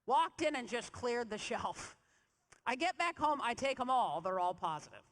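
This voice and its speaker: Keynote speaker, woman, animated storyteller, big echoing hall. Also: on the high side, moderate pace. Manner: animated storyteller, quizzing the audience. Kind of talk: motivational keynote speech. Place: large convention hall stage. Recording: reverberant convention hall.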